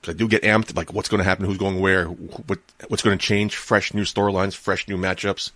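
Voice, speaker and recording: Low-voiced man, dry close sound. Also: level tone, a little fast, a bit bright, dry recording. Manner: easygoing, thinks aloud with repeats. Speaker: podcast co-host. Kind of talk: casual wrestling podcast chat.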